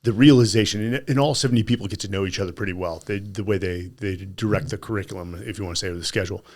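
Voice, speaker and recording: A man speaking as a podcast guest, telling personal stories in a casual, animated way. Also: on the low side, very fast. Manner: animated anecdotal storyteller.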